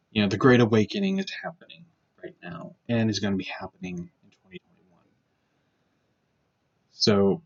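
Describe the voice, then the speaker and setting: A man's voice: fairly low pitch, creaky, a bit bright, dull audio. A man vlogging in a casual political rant, blunt and profane, circling back with fillers and repeated points.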